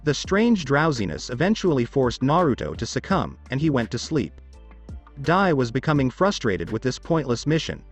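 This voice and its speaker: A man narrating fan fiction in an expressive storytelling read. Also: medium pitch, moderate pace, slightly rough, faint music behind.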